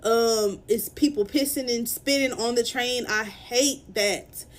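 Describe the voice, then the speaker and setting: A young woman with a fairly high voice records a storytime vlog on her phone camera. She sounds upset and close to tears at moments, speaking haltingly with many fillers and restarts.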